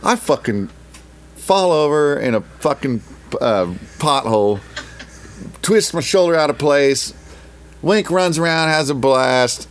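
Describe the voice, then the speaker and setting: A man's voice: a little high, expressive, slow, clear, resonant tone. Rambling, profane middle-aged man. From Oklahoma. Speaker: guest musician. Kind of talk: casual storytelling.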